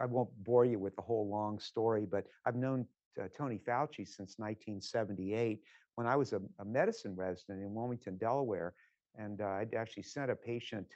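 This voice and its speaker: An older man with a lowish voice tells stories during a lecture, wandering through asides and hesitant pauses. The recording sounds dry and slightly muffled. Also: a little mellow, no room sound. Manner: conversational, rambling, many filler pauses. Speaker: physician giving a lecture. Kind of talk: lecture with personal anecdotes.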